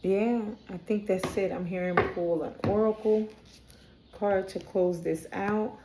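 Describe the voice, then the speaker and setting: A woman's voice: medium pitch, fairly even intonation, a little slow, warm tone, slight background noise. A woman from Brooklyn, chatting candidly in a spiritual vlog and often checking in with "right?". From Brooklyn, New York. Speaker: spiritual vlogger. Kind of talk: casual spoken reflection. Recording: echoey room.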